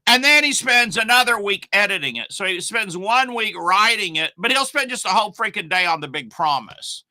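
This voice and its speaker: A man's voice: high voice, animated, normal speed, sharp tone, dry recording. A middle-aged man teaching online marketing on a casual live stream, rambling and emphatic, with asides to his viewers.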